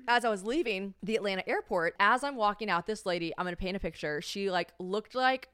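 A woman's voice: brisk, clear, resonant tone. A young American woman hosting a podcast at home, telling a story in casual chat and acting out the voices she quotes. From United States. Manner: animated, acts out quoted voices in a high pitch. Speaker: podcast host.

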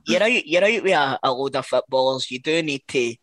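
A man's voice: mid-range voice, animated, brisk, a bit bright. A man with a Scottish accent, co-hosting a podcast in casual chat, blunt and sweary. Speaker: podcast co-host.

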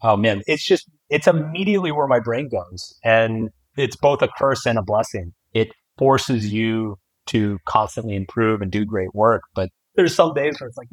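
A man's voice: on the low side, lively intonation, normal speed, few pauses, no room sound, poor audio. Candid, laughing man in his forties. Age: 40s. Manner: candid, reflective, laughs often. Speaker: guest author. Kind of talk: casual podcast conversation.

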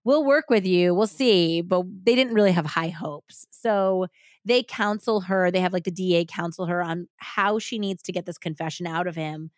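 A woman's voice: on the low side, normal speed, dry recording. Woman host telling a story, dry sound. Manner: animated retelling with acted-out quotes. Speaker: podcast host. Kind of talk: casual storytelling chat.

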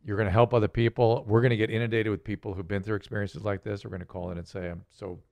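A man's voice: fairly low pitch, little pitch movement, very fast, gravelly, darkish tone. A man hosting a casual podcast chat as a physician, often stopping and repeating words as he talks. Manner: restarts a lot, repeats words. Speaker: host, physician.

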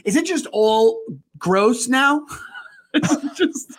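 A man's voice: extremely high pitch, lively intonation, slow. A man co-hosting a comedy podcast, chatting casually, laughing often and jumping from one topic to the next. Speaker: podcast co-host.

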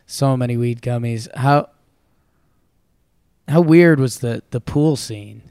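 A man's voice: mid-range voice, slow, warm tone, smooth, no echo. A man co-hosting a podcast, chatting casually with dry, offbeat quips and some hesitation. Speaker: podcast co-host. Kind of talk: casual chat.

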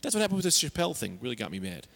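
A man's voice: fairly high pitch, big pitch swings, creaky, a bit bright. A man co-hosting a podcast, telling stories and joking in a brash, casual way. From United States. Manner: brash storytelling, quick joking. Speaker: podcast co-host. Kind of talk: casual comedic chat.

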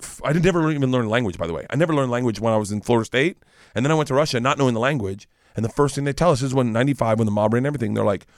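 A man's voice: mid-range voice, dry recording, studio quality. Rowdy American man telling a story. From United States. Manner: animated storyteller, swears freely, bursts into loud acted quotes. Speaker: comedian guest. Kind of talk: casual podcast chat, storytelling.

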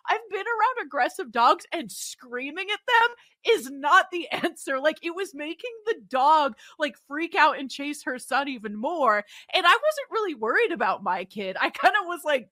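A woman co-hosting a sports betting show, telling a story in animated casual chat. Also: sits high, unhurried, dry recording, studio quality. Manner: animated, lively storytelling with many likes. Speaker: co-host.

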